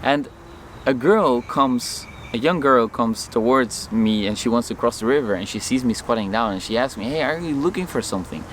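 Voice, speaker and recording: A man vlogging outdoors, telling a personal story to camera in an animated way and acting out the lines of people in it. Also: medium pitch, normal speed, slight background noise. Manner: animated, acts out his own and others' lines in the story.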